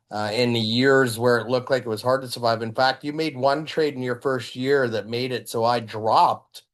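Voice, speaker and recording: Tired, chatty fantasy league host. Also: male voice, medium pitch. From British Columbia, Canada. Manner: chatty, loose, many fillers. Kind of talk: casual analysis over screen share.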